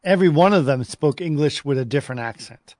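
Guy rambling about a movie, kinda high voice, lots of restarts, dry close sound. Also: animated, fast talker, darkish tone, no room sound. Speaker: podcast co-host. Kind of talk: casual film discussion.

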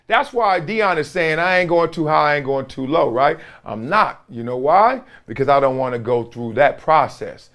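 Animated man preaching sports talk. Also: fairly high pitch, moderate pace, few pauses. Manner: animated, preachy storytelling with slang and laughs. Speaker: podcast host. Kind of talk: casual commentary monologue.

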